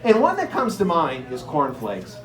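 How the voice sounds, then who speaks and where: A man doing an animated stand-up comedy set, telling stories with incredulous acted-out bits. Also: fairly high pitch, moderate pace. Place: comedy stage before a live audience. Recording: echoey room.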